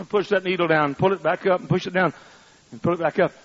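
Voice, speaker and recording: Husky older preacher, shouting then hushed. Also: male voice, high-pitched, fairly even intonation, fairly quick. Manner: swings from shouting to hushed storytelling. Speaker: pastor. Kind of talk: sermon. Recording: muffled, lo-fi.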